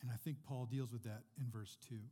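A man's voice: mid-range voice, steady tone, brisk, warm tone, husky, big-room sound. A man preaching a sermon in a church, talking conversationally and asking his listeners rhetorical questions. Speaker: pastor.

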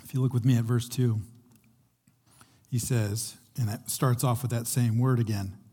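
A young man gives a sermon with a mellow, somewhat husky voice. He preaches conversationally, often restarting his phrases as he builds a point. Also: mid-range voice, fairly even intonation, moderate pace. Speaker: pastor.

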